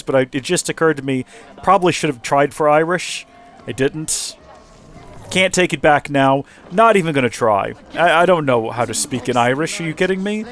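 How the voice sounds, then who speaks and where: Jokey excitable let's play man. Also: on the high side, normal speed. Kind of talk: casual gameplay commentary.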